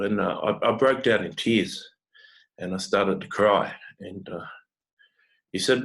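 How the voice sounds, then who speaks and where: An Australian man vlogging, telling a personal story in an earnest, halting way with many restarts. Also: lowish voice, vocal fry, a bit bright, poor audio.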